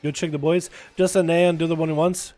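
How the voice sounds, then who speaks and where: A man's voice: on the high side, level tone, quick pace, darkish tone, soft background music. A man livestreaming a game, chatting loosely with viewers, swearing now and then and hyping up the crowd. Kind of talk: casual gaming livestream chat.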